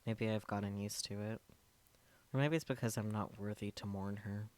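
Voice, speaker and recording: A male streamer reads the narration aloud in a subdued, low voice, breaking off now and then for wry asides. His low register stays even throughout. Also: moderate pace. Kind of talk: reading a visual novel aloud with asides.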